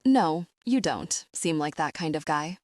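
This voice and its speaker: A woman narrator voicing a gentle, earnest young woman in an audiobook, speaking softly and slowly. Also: sits low, expressive, dry recording, clean studio sound. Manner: soft, slow and tender. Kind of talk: audiobook dialogue.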